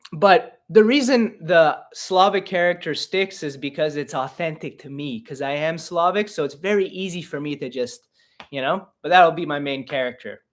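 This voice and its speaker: A Canadian comedian and podcast host in his twenties rambles and jokes his way through a casual livestream Q&A, often at his own expense. His voice is fairly high-pitched with a fairly bright tone.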